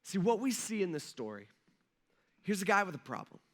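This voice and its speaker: A man's voice: high voice, very animated, fairly quick. A male pastor preaching a casual, conversational sermon, retelling a scripture story in everyday talk. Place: church.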